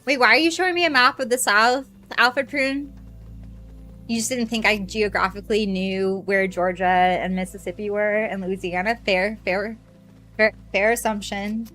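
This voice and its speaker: Game streaming with soft music behind her, this woman talks in a mid-range voice, casually chatting with viewers. She's excitable, swears freely, and greets newcomers with a squeal.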